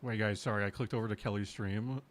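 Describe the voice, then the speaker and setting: A young man chatting casually on a live stream, laid-back and excitable, laughing easily. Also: on the low side, fast.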